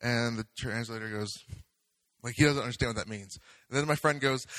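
Fervent, bright-voiced man preaching. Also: medium pitch, fairly even intonation, a little fast, dry recording, poor audio. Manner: conversational preaching, rising to fervent exhortation. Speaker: pastor. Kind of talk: sermon.

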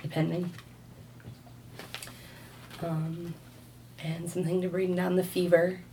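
Brief: low gravelly woman, hesitant player, noisy recording. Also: flat delivery, slow. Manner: hesitant, thinking aloud. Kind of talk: tabletop game play.

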